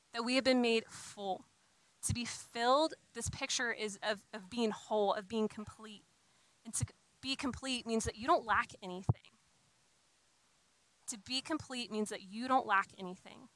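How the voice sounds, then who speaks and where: A young woman delivers a sermon in an earnest, conversational way, often restarting phrases and slipping in casual fillers. Her voice sits a little high and sounds bright and forward. The recording is dry and close. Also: no room sound, poor audio. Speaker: speaker giving a talk on faith and singleness.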